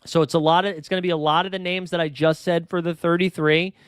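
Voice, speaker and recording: A man hosting a casual livestream, his voice a touch high and very smooth and clear. He talks in a quick, chatty way, reading off names and numbers. The sound is dry and close. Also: level tone, no room sound. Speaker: fantasy basketball show host.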